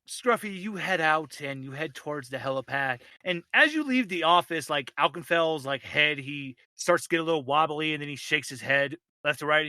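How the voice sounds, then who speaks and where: A man running a tabletop horror game as game master, narrating in an animated way and laughing often. His voice is very bright and sharp, and it sits a little high. The sound is dry and close. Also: no room sound.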